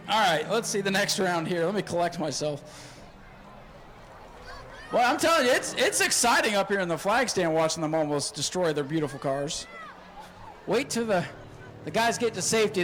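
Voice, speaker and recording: A man announcing a spectator race from the flag stand at an outdoor speedway, excitable and joking, often shouting. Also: high-pitched, slight background noise, poor audio. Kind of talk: live race commentary over PA.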